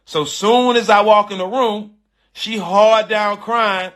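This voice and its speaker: Emphatic man telling a story, bright voice. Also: sits high, steady tone, slow. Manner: emphatic, repetitive, street slang, addresses listeners directly. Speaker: retired pro basketball player telling a personal story. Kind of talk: casual storytelling to a live audience.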